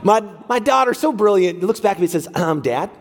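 High-voiced man preaching in a reverberant hall. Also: quick pace. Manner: lively, talks straight to the congregation. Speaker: pastor. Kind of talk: sermon. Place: church sanctuary during a service. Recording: long reverb of a large hall.

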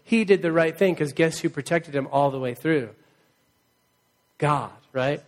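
Man, pastor, conversational sermon, earnest, slightly high voice. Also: a little slow. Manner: conversational, earnest, asks the crowd for replies.

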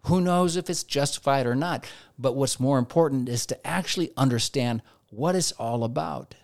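A man's voice: medium pitch, normal speed. A man giving a conversational Christian teaching talk, acting out everyday dialogue in quoted asides.

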